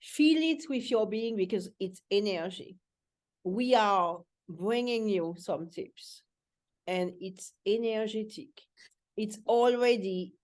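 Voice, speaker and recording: A woman's voice: mid-range voice, a little mellow. A woman life coach hosting a casual coaching chat, speaking in an earnest, reflective way.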